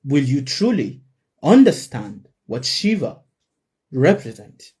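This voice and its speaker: A man's voice: mid-range voice, very animated, slow pace, a little mellow, breathy edge. A man giving an emphatic spiritual sermon to a live audience, repeating his key phrases for effect. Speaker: spiritual teacher.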